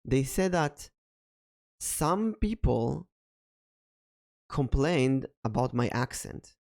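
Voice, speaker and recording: A man from Israel with an Israeli accent, hosting a casual podcast chat in a thoughtful, hesitant way with many pauses. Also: medium pitch, expressive, gravelly, darkish tone. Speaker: vtuber podcast host.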